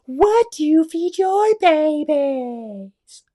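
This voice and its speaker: Super high shouty frog mama, a guy doing the voice, loud and cheery, yelling off mic. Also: big pitch swings, extremely slow, full character voice. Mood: loud cheerful. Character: loud cheerful female big mouth frog.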